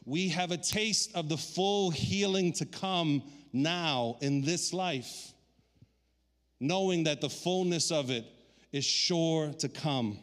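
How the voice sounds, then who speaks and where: A man preaching a sermon with animated delivery. He acts out quoted voices and drops low and quiet for inner thoughts. His voice sits a little high, with a long reverb trailing behind it in a large hall. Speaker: pastor.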